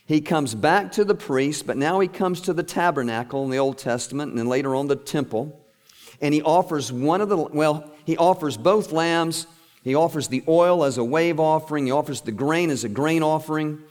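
A middle-aged male preacher telling a Bible story in an animated, lively way during a sermon. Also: on the high side, moderate pace. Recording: echoey hall.

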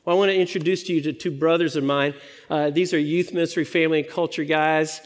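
A man's voice: a little high, steady tone, fast talker, big-room sound. A man from the United States preaching a sermon, telling a story and acting out the voices in it. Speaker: pastor.

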